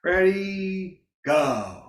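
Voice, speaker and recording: Over the sound of fiddle playing, a man runs an online beginner fiddle class, encouraging students, counting them in, and calling out notes. His voice sits high and sing-song, with drawn-out words and a reverberant sound.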